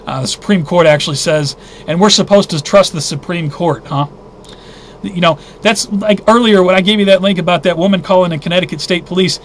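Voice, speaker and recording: Male host, high voice, agitated news roundup, faint hiss behind. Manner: agitated, indignant, thinking aloud with restarts. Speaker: host of a weekly news briefing. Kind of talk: casual news roundup commentary.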